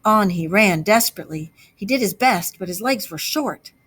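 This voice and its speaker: A woman teacher narrating a children's storybook aloud with expressive, dramatic delivery. Her voice sits at an ordinary middle pitch. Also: normal speed, breathy edge.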